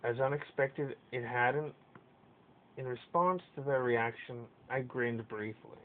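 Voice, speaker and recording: Give me a man narrating a story in a steady reading voice, recorded tinny and lo-fi. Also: slow pace. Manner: steady reading with occasional stumbles. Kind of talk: reading a fan story aloud. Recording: tinny lo-fi with faint rumble.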